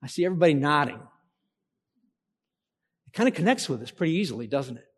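A male pastor delivers a sermon, drawing answers from the congregation with questions. His voice sits high for a man. It rings out with the long reverb of a church hall. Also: big pitch swings, quick pace, breathy edge. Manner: interactive, asks congregation to call out answers.

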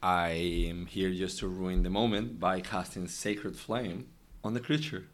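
A man playing a tabletop game, describing his character's actions in halting, non-native phrasing. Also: low-pitched, fairly even intonation. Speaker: player. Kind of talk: casual tabletop game play.

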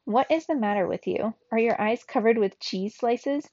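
A woman voicing a clever, proud young female mouse adventurer in a storybook read-aloud, excited and smug. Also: fairly high pitch, moderate pace, no echo, natural voice. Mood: explaining. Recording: slightly dull lo-fi recording.

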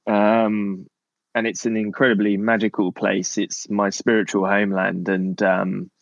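A man's voice: on the low side, level tone, vocal fry, no room sound, highs cut off. A man in his thirties from Cornwall with a Cornish English accent, chatting casually as a podcast guest, often restarting his sentences and chuckling. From Cornwall, England. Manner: halting, self-interrupting, chuckles often. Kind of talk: casual conversation.

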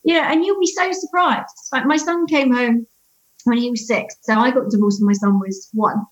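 High lively woman storyteller. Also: moderate pace. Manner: animated storyteller acting out quotes. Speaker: divorce coach, guest. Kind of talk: conversational interview. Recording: slightly dull lo-fi sound.

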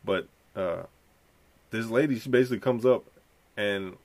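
A young man hosting a podcast rambles and swears as he reacts to clips and tells a story in casual commentary. His voice is medium-pitched and fast.

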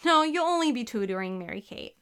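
A woman's voice: a little high, lively intonation, a little fast, fairly bright tone, smooth. A woman voicing a middle-aged father who speaks firmly but pleasantly. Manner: firm, pleasant.

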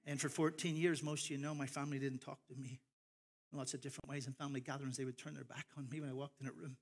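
A middle-aged man from Ireland with a softened Irish accent, preaching a sermon with passionate swells of emphasis and slowed key phrases. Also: mid-range voice, level tone, vocal fry, husky. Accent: Northern Irish, softened by years in America. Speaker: pastor.

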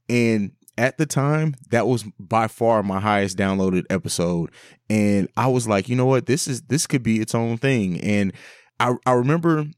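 A man's voice: lowish voice, darkish tone, dry recording, studio quality. A man hosting a podcast, recounting how the show began in an earnest, casual way. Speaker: podcast host.

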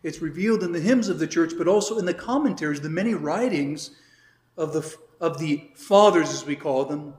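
Male priest-teacher, slightly high voice, conversational catechism lecture with asides, roomy echo. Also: a little fast, darkish tone. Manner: explanatory, chatty asides, reads scripture aloud. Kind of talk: informal catechism class lecture. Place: church hall or classroom. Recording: echoey room.

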